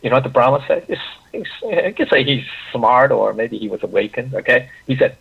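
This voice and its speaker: A man teaching an online class, his voice very husky with a gravelly fry. He talks haltingly, restarting phrases and checking in with the listeners. The audio sounds dull and lo-fi. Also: medium pitch, animated. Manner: halting, with frequent restarts and "okay, right?" check-ins.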